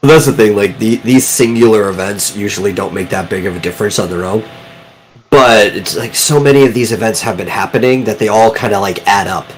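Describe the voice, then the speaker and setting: A man's voice: on the low side, fairly quick, a little hiss or hum, rough recording. A man hosting a casual live stream, explaining things in an easygoing, rambling way.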